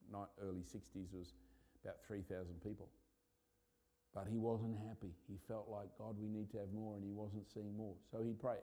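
Impassioned male preacher, low mellow voice. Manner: impassioned preaching, builds to loud urgent peaks. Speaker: pastor. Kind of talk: sermon.

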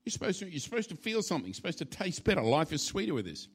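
A man's voice: fairly high pitch, sing-song, rapid-fire, breathy edge. Playful man preaching a sermon. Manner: informal, playful, acts out scenes. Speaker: pastor. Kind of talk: sermon with a live demonstration. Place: church.

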